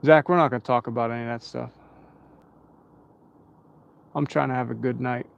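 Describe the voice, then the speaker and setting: A man's voice: mid-range voice, steady tone, normal speed, creaky, smooth, dull audio. A tired man hosting a casual live stream outdoors at night, rambling and chatting with his viewers.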